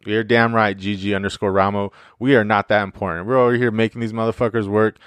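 Smooth, low-voiced profane podcast host. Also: male voice, level tone, fast talker, a bit bright, no room sound. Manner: rambling, profane, joking, many fillers. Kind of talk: casual solo podcast monologue.

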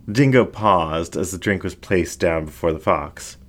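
A male narrator reading a story with a very deep, low voice. He takes his time, letting each phrase land slowly and evenly. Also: a bit bright. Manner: measured, unhurried.

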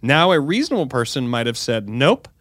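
A man's voice: medium pitch, big pitch swings, a little fast, a bit bright, dry recording, clean studio sound. A man co-hosting a comedic advice podcast, reading a listener's letter aloud and then joking animatedly with his co-host.

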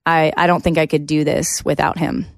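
A woman's voice: low voice, level tone, normal speed, vocal fry, dry recording. A woman from Canada, a country singer in her thirties, talking candidly as a podcast guest with lots of fillers. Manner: candid, chatty, many fillers. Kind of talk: casual interview chat.

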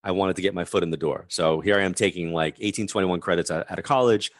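Interview guest, male, 50s, lower pitch, lively storyteller leaning on fillers, dry close sound. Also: no echo. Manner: animated, fast, heavy on "like" fillers. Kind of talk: conversational storytelling.

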